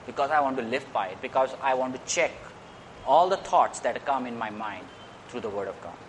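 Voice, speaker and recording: A man's voice: mid-range voice, expressive, brisk, slight background noise. A man preaching a sermon in an earnest way. He repeats phrases and lifts his voice on key points.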